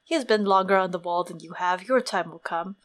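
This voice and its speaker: A woman voicing a courteous old male knight who speaks in a measured, formal way while reading a book passage aloud. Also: fairly low pitch, voice pushed down, natural voice.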